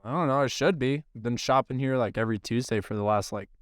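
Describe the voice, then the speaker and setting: A man's voice: mid-range voice, fast talker, no room sound, clean studio sound. A man co-hosting a baseball podcast, telling a long profane story in casual chat. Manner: profane, rambling storyteller who acts out quotes. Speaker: podcast co-host, baseball coach.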